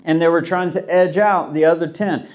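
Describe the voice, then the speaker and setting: This is a pastor delivering a sermon, a man with a somewhat high voice. He speaks casually and conversationally, slipping into the voices of the people he quotes as he tells the story. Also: steady tone, normal speed.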